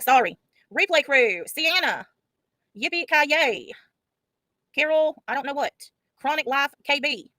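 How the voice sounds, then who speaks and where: A woman's voice: sits high, lively intonation, moderate pace, long pauses, pushed and bright, no echo, low-quality recording. A woman hosting a casual livestream, blunt and profane, mocking the people she talks about. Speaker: livestream host.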